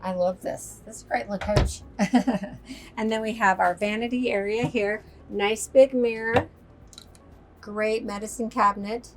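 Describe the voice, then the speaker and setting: A woman's voice: mid-range voice, fairly even intonation, normal speed, over music. Upbeat woman giving a motorhome tour. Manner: upbeat, enthusiastic, chatty presenter. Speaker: RV sales expert giving a tour. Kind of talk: walk-through product tour. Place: inside a motorhome.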